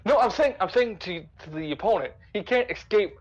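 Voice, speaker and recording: A man's voice: sits high, lively intonation, fairly quick, muffled recording. A man playing in a tabletop game, talking hesitantly with lots of fillers and giggling. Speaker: player.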